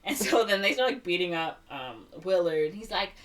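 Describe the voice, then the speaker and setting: A woman's voice: on the low side, expressive, moderate pace, few pauses, a bit bright, recorded from a distance. A woman co-hosting a podcast, retelling a movie in a casual chat, heavy on filler words and acting out the characters' lines. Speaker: podcast co-host.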